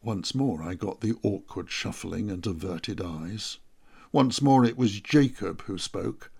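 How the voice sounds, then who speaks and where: A man narrating a first-person story in a measured, reflective way. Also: lowish voice, vocal fry, a little mellow, slightly rough.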